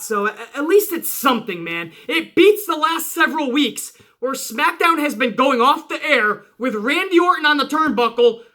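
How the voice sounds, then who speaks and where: A man hosting his own channel, giving a casual, profane review, emphatic and jumping up in pitch when worked up. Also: pushed and bright. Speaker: wrestling show reviewer, channel host.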